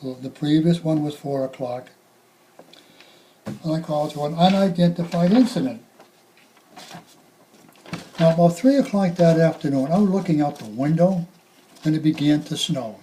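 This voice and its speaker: An older man, a retired firefighter slowly recounting sad calls, halting and repeating himself. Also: a little high, dark tone, slight background noise, poor audio. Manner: halting, reflective, repeats words. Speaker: retired firefighter telling stories. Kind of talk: spoken reminiscence.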